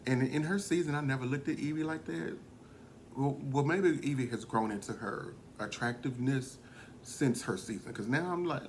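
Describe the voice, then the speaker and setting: Gossipy man recapping with lively pitch. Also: fairly quick, gravelly, slight background noise. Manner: gossipy and animated, often laughing, slips into quoting. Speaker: reality show reviewer. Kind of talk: casual episode recap.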